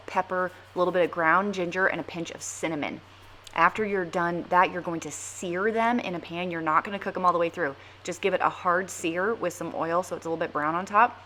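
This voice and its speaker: A woman's voice: lowish voice, a little hiss or hum. A mom hosting a casual cooking vlog from her home kitchen, chatty and jokey as she walks through family dinners.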